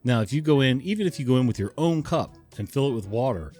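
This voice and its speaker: Male host, animated storytelling, chuckles, faint guitar under voice. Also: mid-range voice, fast. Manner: chuckling, conversational, digressive. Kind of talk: casual story narration.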